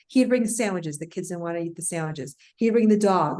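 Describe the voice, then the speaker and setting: A woman, a parental alienation coach, talking as a podcast guest and telling client stories with lively acted-out quotes. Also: on the low side, a little fast, few pauses. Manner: animated storytelling, acts out clients' voices.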